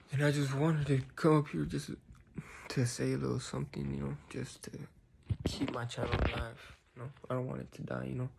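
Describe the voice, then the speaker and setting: A man's voice: medium pitch, gravelly, very noisy. A man talking casually and reflectively to his viewers, rambling with many fillers like "you know" and "like". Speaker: vlogger. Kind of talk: casual personal talk to camera.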